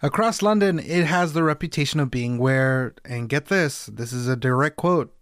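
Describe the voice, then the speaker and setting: A man co-hosting a comedy podcast, riffing with sarcastic jokes and animated outbursts. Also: medium pitch, normal speed, dry recording, studio quality. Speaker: podcast co-host. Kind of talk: comedic casual banter.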